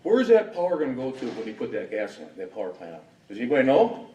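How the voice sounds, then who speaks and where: A man's voice: medium pitch, wildly swooping pitch, quick pace, dark tone, muffled recording. A man from Wisconsin giving a rambling, indignant public comment full of rhetorical questions at a hearing. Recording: echoey hall from far off.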